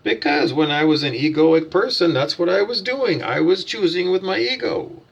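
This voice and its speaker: Speaking at a normal pace, this man has a voice on the high side that is creaky with a breathy edge. Styling himself a spiritual teacher, he delivers a profane, preachy vlog rant, bluntly quizzing himself and supplying the answers.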